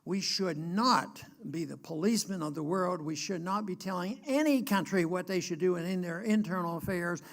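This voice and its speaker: An older American man giving an earnest political speech, emphatic and halting with frequent restarts. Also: high-pitched. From United States. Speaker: guest speaker.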